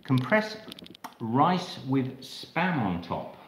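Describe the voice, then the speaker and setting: A man's voice: mid-range voice, very animated, very slow, roomy sound, noisy background. An Australian man hosting a live cooking stream, chatting to viewers in a rambling way while he cooks in his kitchen. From Australia, Melbourne. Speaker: cooking channel host.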